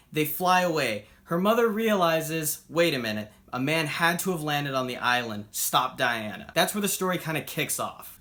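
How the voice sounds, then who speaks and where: This casual spoken review comes from a man whose voice is a little high and fairly bright. Upbeat and talkative, he recounts the comic book's story while voicing the characters' lines.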